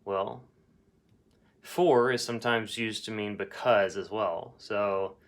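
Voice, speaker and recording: Male English teacher, lowish voice, casual recorded lesson with ums and uhs. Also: steady tone, slow pace. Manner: casual, explanatory, with fillers.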